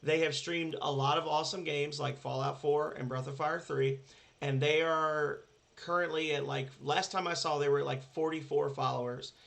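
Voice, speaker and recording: A man hosting a casual gaming stream, chatting excitably and swearing casually. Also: on the high side, moderate pace, gravelly.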